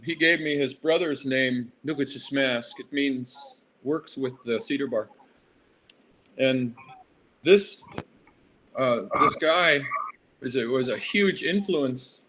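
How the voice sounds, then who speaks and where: A man in his sixties from Alaska, a guest in an interview, rambling warmly and drifting into tangents. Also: medium pitch, slight background noise. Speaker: artist guest. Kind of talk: casual interview conversation.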